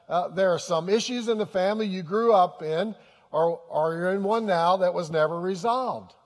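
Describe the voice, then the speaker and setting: A man's voice: high-pitched, in a large hall. A man preaching a sermon in an earnest way, repeating key phrases for emphasis. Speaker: pastor.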